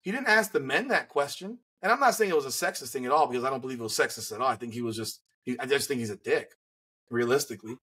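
A man's voice: mid-range voice, animated, quick pace, bright, forceful tone, breathy edge, poor audio. A man co-hosting a sports podcast, ranting bluntly and with profanity in an indignant tone. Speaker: podcast co-host. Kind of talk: heated sports opinion rant.

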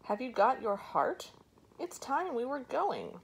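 Brief: grumpy storybook shark, cross and pushy, slow-paced with gravelly edges as a woman reader puts him on. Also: sits high, sing-song, pitched above the performer's own voice, exaggerated voice, poor audio. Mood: impatient. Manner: cross and impatient. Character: scheming, impatient male shark.

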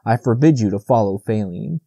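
A man's voice: lowish voice, expressive, a little fast, creaky, dark tone, husky, dry recording, exaggerated voice. A man voicing Karis, an angry, bullying young male deer who barks commands and threats in an audiobook.

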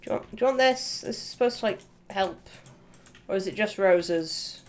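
A woman co-hosting a game stream, chatting casually, excitable and quick to laugh and swear. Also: medium pitch. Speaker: co-host gaming streamer. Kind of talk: casual gameplay banter.

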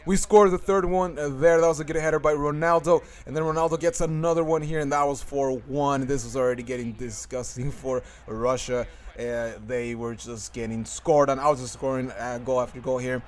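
A man's voice: medium pitch, steady tone, brisk, hardly any pauses. A young man giving casual commentary over his football video game, rambling with lots of fillers and restarts. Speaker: gaming commentator.

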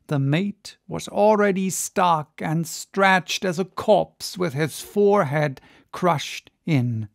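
An audiobook reader narrating a classic sea story with measured, dramatic storytelling. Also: medium pitch, gravelly, dry recording, clean studio sound. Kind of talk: audiobook reading.

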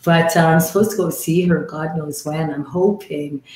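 Chatty woman with slight hoarseness, echoey room. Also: deep voice, fairly even intonation, moderate pace, a little mellow. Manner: chatty, laughing, says sweetie and darling. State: slightly hoarse from a croupy cold. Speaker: live stream host. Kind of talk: casual chat with callers.

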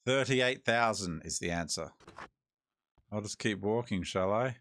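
A man's voice: lowish voice, unhurried, fairly bright tone, a little hiss or hum. An Australian man giving laid-back, joking commentary while playing a horror game, talking to himself as he goes. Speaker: gaming host. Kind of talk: let's-play commentary.

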